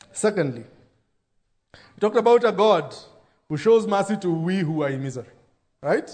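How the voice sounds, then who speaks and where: High-voiced man preaching a sermon. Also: animated, slow, long pauses, darkish tone. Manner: preaching with rising emphasis and dramatic quoted voices. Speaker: pastor.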